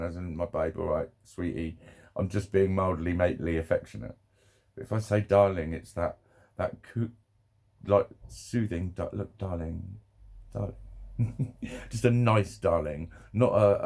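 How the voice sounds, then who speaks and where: A man speaks in a low, gravelly voice with a dark, mellow tone. He rambles emotionally through a personal vlog, close to tears, laughing often and swearing freely. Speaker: vlogger.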